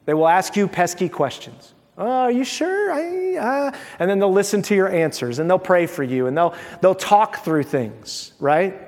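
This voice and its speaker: A pastor preaching a sermon in a conversational, animated way, acting out little everyday scenes. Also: male voice, a little high, moderate pace, big-room sound.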